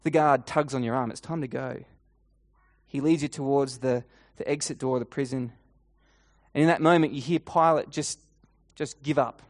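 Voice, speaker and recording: A man preaching a sermon as a guided imaginative story in the second person, swinging between loud and hushed lines and repeating a refrain. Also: mid-range voice, steady tone. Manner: repeats refrain, halting restarts.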